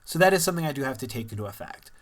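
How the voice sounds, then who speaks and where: A man's voice: medium pitch, lively intonation, very fast. A young man from Missouri talking candidly in a casual personal vlog, rambling and laughing now and then. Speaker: vlogger.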